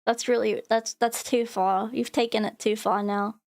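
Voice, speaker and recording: A woman's voice: a little high, level tone, normal speed, a little mellow. An Australian woman streaming as a VTuber, chatting casually and rambling with lots of filler words while she reads chat aloud.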